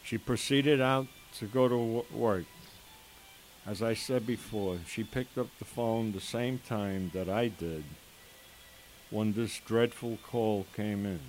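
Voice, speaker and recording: An older man slowly telling his own emotional story as a father, in an earnest way with quoted dialogue. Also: fairly low pitch. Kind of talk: personal testimony storytelling. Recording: faint hiss behind the voice.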